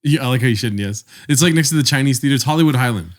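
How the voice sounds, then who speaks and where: A man's voice: medium pitch, very fast. A young man co-hosting a podcast, telling a long rambling story with lots of swearing. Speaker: podcast co-host. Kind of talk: casual chat.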